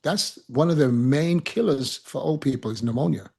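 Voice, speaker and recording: A man telling a long personal story in casual podcast chat, animated and profane, often laughing. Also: medium pitch, normal speed, creaky, husky.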